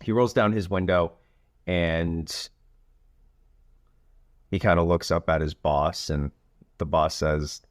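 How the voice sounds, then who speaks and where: Man, podcast coach, unhurried delivery, relaxed storytelling, filler phrases. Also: low-pitched, dry recording, studio quality. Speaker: youth soccer coach and podcast host.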